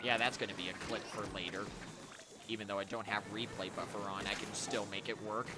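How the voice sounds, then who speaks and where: A man's voice: on the low side, fairly even intonation, fairly quick, heavy background noise. A young man giving live gameplay commentary as a streamer, chatty, reacting to the game and talking to his chat.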